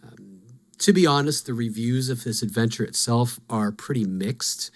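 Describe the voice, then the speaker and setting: A man's voice: medium pitch, moderate pace. A man hosting a podcast, talking through game lore in a casual, musing, self-deprecating way. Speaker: podcast host.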